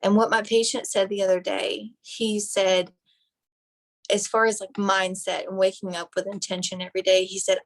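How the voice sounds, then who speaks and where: Direct, animated young woman on a phone live stream. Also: mid-range voice, normal speed, poor audio. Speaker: team leader and nurse. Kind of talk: motivational live video chat.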